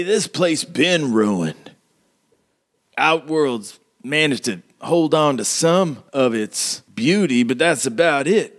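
A man voicing a brash, defiant small-town male mayor who answers with scorn. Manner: scornful, contemptuous and high-pitched.

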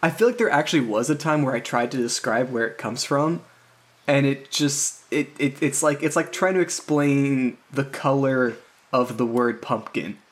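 A man's voice: mid-range voice, moderate pace. Playful male player, mid-range voice, casual and loose. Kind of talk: casual chat in a tabletop game.

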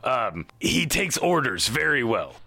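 A man's voice: mid-range voice, sing-song, unhurried, vocal fry, bright, forceful tone, breathy edge, dry recording, full character voice. A man voicing a fussy, flustered gnome wizard who keeps pleading and stammering on his helpers' behalf.

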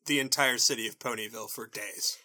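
A co-host recaps a cartoon in casual chat. The voice is bright and a bit sharp, and the delivery is wry, with frequent laughs and dry asides. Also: medium pitch, brisk. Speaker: podcast co-host.

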